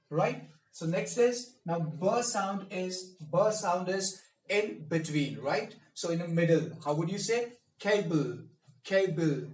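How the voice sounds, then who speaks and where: A man speech coach giving a pronunciation lesson, repeating and drilling each word with deliberate emphasis. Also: a little high, distant mic. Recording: echoey room, mic set back.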